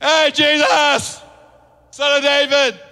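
Brief: preacher voicing a blind beggar, shouting and pleading, bright voice, echoing hall. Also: male voice, very high-pitched, completely flat delivery, slow pace, voice pushed up, full character voice. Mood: desperate. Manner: shouting, desperate crying out. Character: desperate blind male beggar crying out. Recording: long church reverb.

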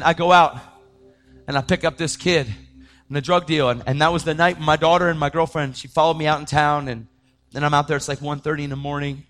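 A man preaching his testimony in a dramatic storytelling style, swinging between loud outbursts and hushed tones. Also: a little high, fairly even intonation, quick pace. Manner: acts out the voices of people in his story. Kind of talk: testimony sermon.

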